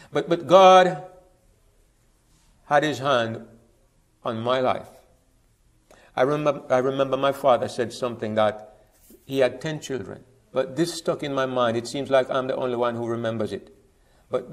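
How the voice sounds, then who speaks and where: Jamaican man telling his life story. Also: mid-range voice. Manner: reflective, repeats words as he restarts. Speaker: speaker giving a testimony. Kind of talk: personal testimony storytelling.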